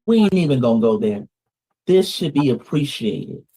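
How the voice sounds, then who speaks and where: Southern guy hosting a commentary show, talks emphatic, keeps calling folks family, medium pitch. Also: sing-song, moderate pace, mellow, husky. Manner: emphatic, repeats "family" to viewers. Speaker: show host. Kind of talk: commentary on news clips.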